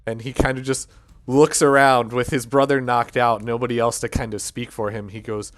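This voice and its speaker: A man narrating a tabletop game as game master, halting and full of fillers as he describes the scene. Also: medium pitch, flat delivery, a bit bright, dry recording, faint music behind.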